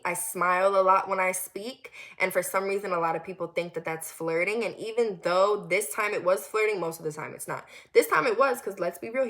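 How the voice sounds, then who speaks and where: A young woman from the US Northeast telling a personal story in a casual, animated way, acting out quotes and dropping to low murmurs. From Connecticut. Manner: animated and candid, acts out quoted lines, drops to low murmurs.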